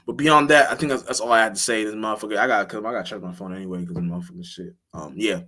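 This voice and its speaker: A man's voice: fairly even intonation, very fast, hardly any pauses. Profane rambling man on a livestream. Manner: rambling, profane, with many restarts and fillers; jumps to a much higher, louder voice when acting out what he or others would say. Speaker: livestream host. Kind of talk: casual livestream monologue.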